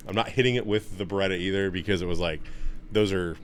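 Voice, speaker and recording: A young man in casual podcast chat, telling stories with lots of swearing and getting loud when he's excited. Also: fast, slight background noise. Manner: animated, swears a lot, gets loud and high when excited. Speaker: podcast co-host.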